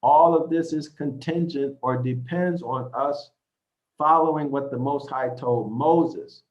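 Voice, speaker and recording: A man's voice: fairly high pitch, slow. Man, scripture teacher, reads verses then explains, repeats points, slightly muffled lo-fi audio. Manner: repeats points, asks "okay?" and "right?". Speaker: Bible teacher.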